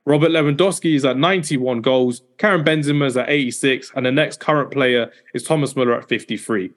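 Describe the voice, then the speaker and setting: Fast-talking man hosting. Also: medium pitch. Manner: fast, rambling, repeats "as well". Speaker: podcast host. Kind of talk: casual football chat.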